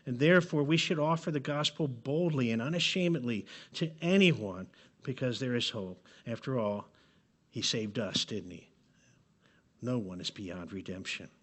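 A man preaching a sermon to his congregation, earnest and pleading, often letting his phrases drop to a soft close. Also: a little high. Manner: earnest, pleading, with dramatic drops in volume at phrase ends. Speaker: pastor. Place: church sanctuary.

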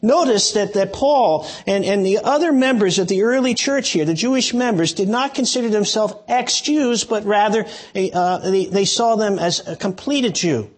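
Husky high-voiced male preacher. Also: normal speed, hardly any pauses. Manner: expository preaching with frequent restarts and emphatic asides. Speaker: pastor. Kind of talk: sermon.

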